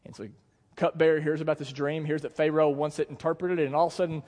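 A male pastor preaching a sermon in an animated storytelling manner, acting out the scenes as he goes. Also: fairly high pitch, quick pace. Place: church sanctuary. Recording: long church reverb.

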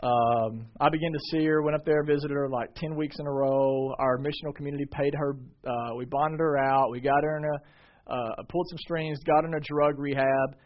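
A man in his thirties preaching from the pulpit, his fairly high voice climbing to loud, emphatic peaks before dropping to a hushed, confiding tone. The recording is dull and lo-fi. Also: steady tone, a little fast. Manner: swings from shouted emphasis to quiet confiding. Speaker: pastor. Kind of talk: sermon. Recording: dull lo-fi sermon audio.

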